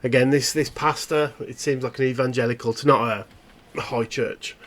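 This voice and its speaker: A man running a tabletop horror game as game master, describing scenes in a relaxed, meandering way. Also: mid-range voice, normal speed.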